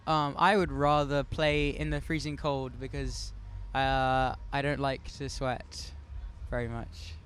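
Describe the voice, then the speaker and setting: A man musician answering shyly and softly in a casual festival interview. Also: mid-range voice, level tone, slow pace, hardly any pauses, clean tone.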